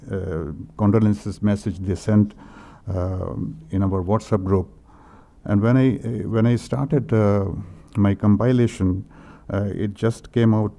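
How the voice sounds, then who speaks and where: An older man reads condolence messages at a memorial. His voice is low and very warm, and he halts often with fillers and throat-clearing. He is openly emotional as he reads. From India. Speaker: speaker at a memorial tribute. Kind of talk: reading condolence messages aloud.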